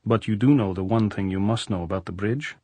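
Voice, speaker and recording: A man's voice: on the low side, a little fast, warm tone, no room sound, lightly acted. A man voicing a reserved young demolition expert who answers tersely and guardedly in an audiobook.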